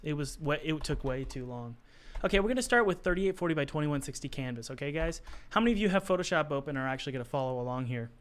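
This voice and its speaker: Hoarse man teaching on a live stream. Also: on the high side. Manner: chatty and encouraging, talks to the chat while working. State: hoarse, losing his voice. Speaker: art instructor hosting a live stream. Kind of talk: casual live-stream tutorial.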